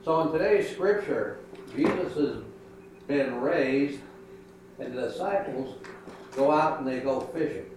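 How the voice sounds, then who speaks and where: A man's voice: mid-range voice, a little slow. An older man, a pastor, telling a folksy children's sermon about his granddaughter. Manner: folksy storytelling. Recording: echoey room, mic far off, noisy.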